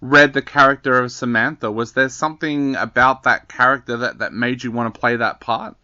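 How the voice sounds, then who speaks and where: A man interviews an actress, his questions winding along with restarts and friendly asides. His voice sits at a middle pitch. The sound is dull and lo-fi. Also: steady tone, moderate pace, bright, forceful tone. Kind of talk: casual interview.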